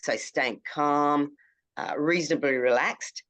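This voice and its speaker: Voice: mid-range voice, slow pace, fairly bright tone. A youth work trainer giving a conversational classroom lecture, repeating key phrases for emphasis. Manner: down-to-earth, conversational teaching.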